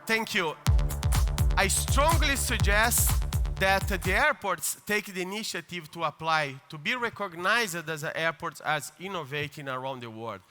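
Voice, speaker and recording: A man's voice: high-pitched, lively intonation, measured pace, over music. A man giving an earnest conference speech, with hesitant fillers and restarts. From Brazil. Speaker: conference keynote speaker. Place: large conference hall. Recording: long hall reverb.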